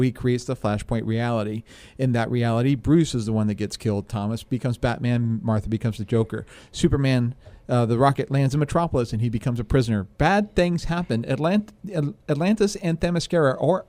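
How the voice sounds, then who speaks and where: A man's voice: medium pitch, a little mellow, dry recording. A man co-hosting a podcast in casual chat, explaining comic backstory in detail. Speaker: podcast co-host.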